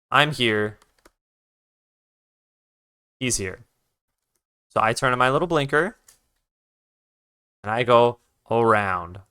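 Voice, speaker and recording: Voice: mid-range voice, pushed and bright, no echo, studio quality. An art streamer telling a road-trip story while drawing, ranting with lots of swearing and quoting other drivers. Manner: profane, ranting, retells the conversation in others' voices; restarts sentences while redrawing.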